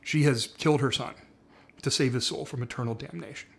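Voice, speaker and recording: A man casually talking through a TV series story pitch in a conversational way, full of "like" and "uh". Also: brisk, vocal fry. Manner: conversational, frequent "like" and "uh".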